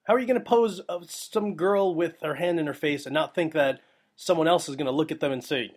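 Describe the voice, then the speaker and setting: Speaking in a fairly high voice, a man hosts a photography podcast. His delivery is casual, lively, and rambling, with quick put-on voices of other people.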